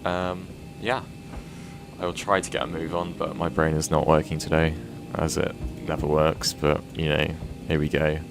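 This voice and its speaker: A man's voice: very deep voice, level tone, normal speed, noisy background. A British man chatting casually to viewers during a flight sim live stream, rambling and self-deprecating as he works.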